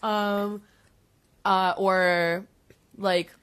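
A woman's voice: mid-range voice, flat delivery, extremely slow, a bit bright, smooth. A woman in her twenties co-hosting a podcast, chatting casually with lots of fillers and casual swearing. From United States. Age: 20s. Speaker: podcast co-host. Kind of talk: casual chat.

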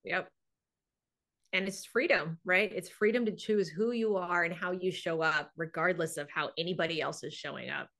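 A woman hosting a podcast, speaking in a calm, reflective, coaching tone. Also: lowish voice, moderate pace. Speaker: podcast host. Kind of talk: casual podcast conversation.

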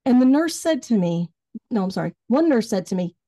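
A woman's voice: mid-range voice, expressive, brisk, dark tone, dry recording, studio quality. A woman hosting an interview, sharing a personal story in a heartfelt, thoughtful way. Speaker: podcast host.

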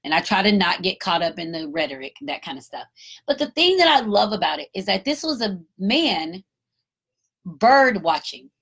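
A woman giving an emphatic, animated casual commentary, a parent talking in her own voice. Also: medium pitch, moderate pace, breathy edge. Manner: emphatic, animated storytelling with acted-out quotes.

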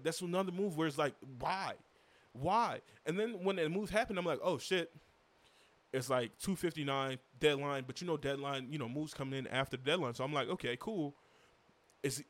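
A man's voice: a little high, dry recording. A young man hosting a solo sports recap, ranting as a frustrated fan with stumbling restarts and repeated rhetorical questions. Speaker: sports podcast host.

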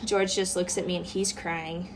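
A woman's voice: on the low side, little pitch movement, moderate pace, slight background noise. A woman guest on a podcast, earnestly telling a personal story in a casual chat, with many fillers.

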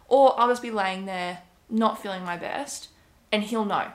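A woman's voice: medium pitch, a little slow. A young woman casually telling a personal story, rambling with many fillers and quoted asides. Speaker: podcast co-host.

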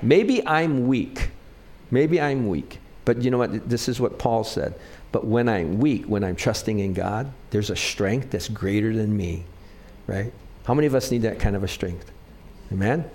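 A man's voice: moderate pace, a little mellow. A man preaching a sermon, conversational and direct, often asking the congregation questions and stressing key words. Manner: conversational preaching with frequent call-and-response questions; pitch rises and falls for emphasis on key phrases. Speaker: pastor.

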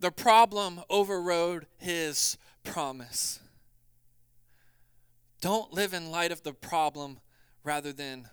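High, bright-voiced preaching man. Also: clean tone, no echo. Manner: builds from quiet reflection to loud, urgent preaching; conversational, acts out quoted voices. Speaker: pastor. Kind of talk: sermon.

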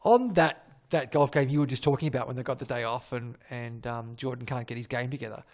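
A man co-hosting a casual chat, making wry jokes and giving quick short agreements. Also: medium pitch. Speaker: podcast co-host.

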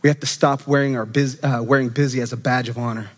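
A man preaching an animated, conversational sermon as a student minister, acting out quoted voices. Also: mid-range voice, fast talker. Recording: long reverb of a church hall.

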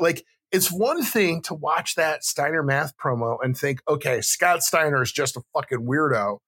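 A man co-hosting a casual podcast with a husky, bright voice. He talks emphatically and drops swear words to punch his points. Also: on the high side. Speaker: podcast co-host. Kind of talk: casual chat.

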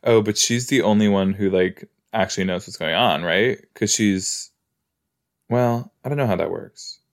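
A podcast host with a lowish voice at normal speed reacts to a show as he watches it. Chatty and playful, he talks right to the screen in this casual watch-along.

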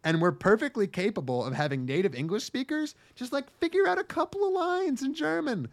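Young man, podcast co-host, casual chat, profane, lively swinging pitch. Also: brisk, vocal fry. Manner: animated, profane, acts out quotes in funny voices.

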